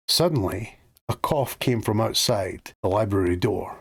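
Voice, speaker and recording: Dad narrating a bedtime story, gentle, kinda gravelly voice. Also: male voice, fairly low pitch, expressive, measured pace. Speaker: father reading a bedtime story.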